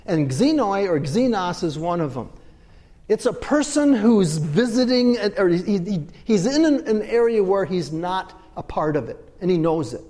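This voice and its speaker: A man preaching a sermon as a pastor, swinging between loud emphatic bursts and low, quiet asides. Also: very animated, unhurried, big-room sound.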